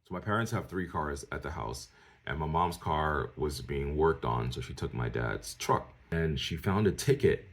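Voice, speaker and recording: A man with an extremely deep, low voice tells a true personal story straight to his viewers. He is from New York and talks in a loose, casual way, full of asides. He slips into the voices of the people he quotes. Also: animated, normal speed. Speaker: storyteller vlogger.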